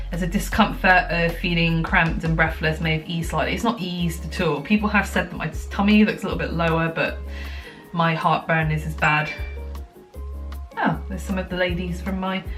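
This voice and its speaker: A woman's voice: lowish voice, a bit bright. Breathless, chatty woman vlogging. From United Kingdom. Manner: chatty, rambling, frequent ums and likes. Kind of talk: casual chat to camera. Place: at home, indoors.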